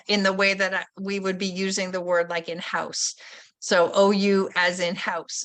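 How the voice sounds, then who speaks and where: Bright-voiced woman leading teacher training. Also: mid-range voice. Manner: instructive, modeling classroom questions. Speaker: literacy trainer. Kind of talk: professional development webinar.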